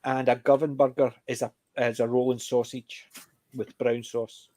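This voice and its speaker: A man's voice: medium pitch, little pitch movement, moderate pace, warm tone. A middle-aged Scottish man hosting a casual panel chat, rambling through stories with frequent restarts. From Scotland. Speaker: panel host.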